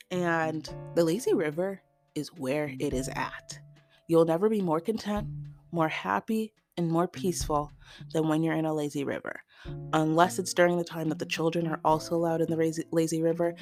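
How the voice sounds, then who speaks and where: A young woman with a fairly low voice hosts her own podcast, spinning a comic story in an exasperated, animated way. Her pitch leaps up when she gets worked up. Faint music plays underneath. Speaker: podcast host. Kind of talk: comedic storytelling monologue.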